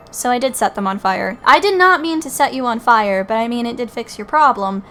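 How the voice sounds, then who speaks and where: A woman's voice: on the high side, lively intonation, a little fast, few pauses, fairly bright tone, faint music behind, rough recording. A young woman streamer chatting casually while gaming, swearing freely and saying "like" a lot. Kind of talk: casual chat while playing a game.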